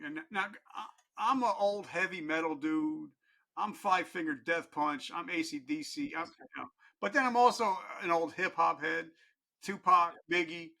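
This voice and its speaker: A man's voice: fairly high pitch, vocal fry, sharp tone. A middle-aged man telling his personal story as a podcast guest, candid and earnest, with blunt, casual language.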